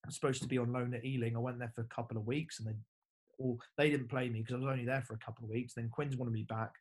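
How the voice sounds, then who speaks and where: A man's voice: mid-range voice, steady tone, racing, a little mellow, husky. A young man from England, a former rugby player, chatting casually as a podcast guest, full of fillers and swearing. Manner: laid-back, storytelling with lots of fillers and swearing. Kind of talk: casual chat.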